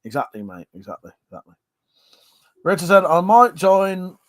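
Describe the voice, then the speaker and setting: A man's voice: high voice, sing-song, no echo. An English man hosting a casual drinking livestream and reading viewer comments aloud, joking, laughing and swearing freely, with a drink in hand. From Buckinghamshire, England. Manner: jokey and laughing, swears freely, drawn-out repeated agreements. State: having a drink. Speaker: livestream host.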